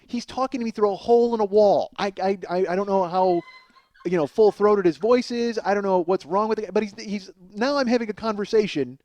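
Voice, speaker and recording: A male comedian host delivers a long, profane monologue story in a high voice, animated and laughing mid-sentence as he goes. There's no room sound.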